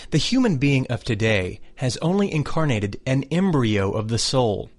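A man giving a scripted spiritual reading in a slow, measured, solemn way. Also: medium pitch, very animated.

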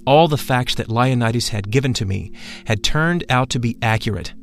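Male narrator for a first-person spiritual memoir; steady, solemn, mid-range voice, soft music under it. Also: mid-range voice, normal speed, vocal fry. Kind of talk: audiobook narration.

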